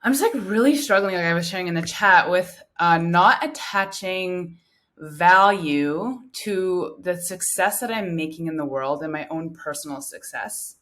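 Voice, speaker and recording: A woman with a fairly low voice calls in to a live coaching show. She speaks earnestly and haltingly, often restarting her sentences as she opens up. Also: expressive, a bit bright. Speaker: caller, coach with a small business. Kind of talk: casual live-call conversation.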